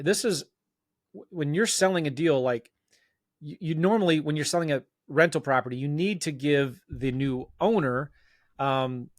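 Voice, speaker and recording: A man, a guest on an interview show, telling a self-mocking story in an animated, casual way and acting out bits of dialogue. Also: fairly high pitch, no room sound, clean studio sound. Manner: loose talk full of fillers and restarts. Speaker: guest real estate investor.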